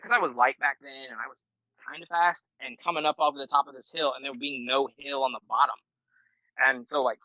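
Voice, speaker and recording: A middle-aged Marine veteran telling a story as a podcast guest in a loose, profane, rambling way with many fillers. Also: male voice, medium pitch, sharp tone, no echo, poor audio. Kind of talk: casual storytelling.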